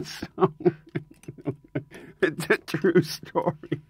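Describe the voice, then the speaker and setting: A man, a touring rock singer, telling tour stories in a casual interview, animated and emphatic, laughing often. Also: a little high, drawn-out words, long pauses, slightly rough, dry recording.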